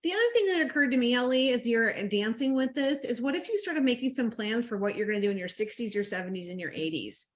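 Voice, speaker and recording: A woman's voice: on the high side, animated, fast, few pauses. A woman co-hosting a casual group coaching call, urging listeners boldly and enthusiastically. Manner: bold, enthusiastic encouragement. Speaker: co-host.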